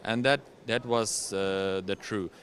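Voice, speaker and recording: A young Ukrainian man speaking English in a lowish voice. He gives interview testimony haltingly, with many pauses, fillers and restarts. English is not his first language. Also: steady tone, fairly bright tone. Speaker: veteran guest.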